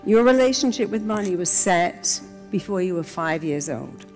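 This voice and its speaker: A woman therapist giving a motivational talk, lively and dramatizing inner voices. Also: fairly low pitch, moderate pace, faint music behind. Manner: lively, acts out inner voices in quoted asides. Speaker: therapist and self-help speaker.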